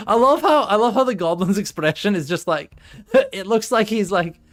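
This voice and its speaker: Male streamer GM, casual, quick to joke and laugh, animated pitch. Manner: laughs often, jokey, swears. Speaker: game master and streamer.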